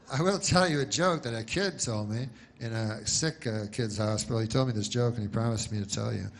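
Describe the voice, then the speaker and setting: A man doing stand-up comedy, deadpan and rambling, with many asides and restarts. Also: medium pitch, moderate pace, gravelly, slight background noise.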